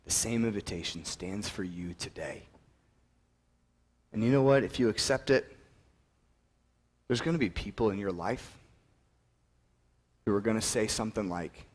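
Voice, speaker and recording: A young man preaching a sermon, telling Bible stories with animated, acted-out quotes and dropping to a soft, earnest voice for his appeal. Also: moderate pace, long pauses. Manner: drops to a soft, earnest low voice when appealing.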